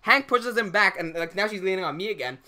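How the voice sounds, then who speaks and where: A young man hosting a livestream, casually telling an animated story, laughing often and swearing freely. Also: sits high, fast talker. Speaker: livestream host.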